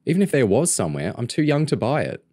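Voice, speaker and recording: A man's voice: medium pitch, sing-song, fast, mellow, dry recording, clean studio sound, voice pushed up. Guy playing a fed-up teen boy, blunt, protective big brother vibes. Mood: exasperated. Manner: blunt and exasperated. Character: exasperated teenage boy, protective older brother.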